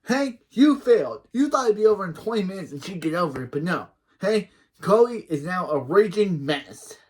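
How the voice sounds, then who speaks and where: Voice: medium pitch, expressive, fairly quick. A reaction video host casually retelling a cartoon episode, rambling and restarting sentences.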